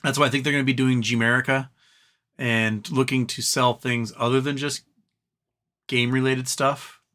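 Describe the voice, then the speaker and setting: A man's voice: mid-range voice, little pitch movement, moderate pace, sharp tone. A man hosting a live stream, chatting casually and reading viewer comments aloud with frequent ums and restarts. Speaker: livestream host.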